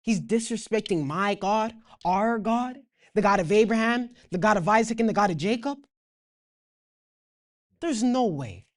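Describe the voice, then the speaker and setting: A woman's voice: medium pitch, expressive, a little slow. A woman with a Toronto accent teaches a casual Bible lesson. She reads the old scripture aloud, then retells it in everyday slang. Her voice sits mid-range and moves up and down a lot. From Canada.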